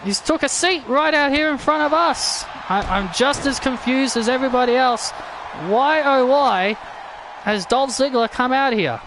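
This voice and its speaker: Excitable male wrestling commentator, very high voice, shouty play-by-play with stumbles. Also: normal speed, slight background noise. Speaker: wrestling commentator and channel host. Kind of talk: excited play-by-play commentary of a video game match.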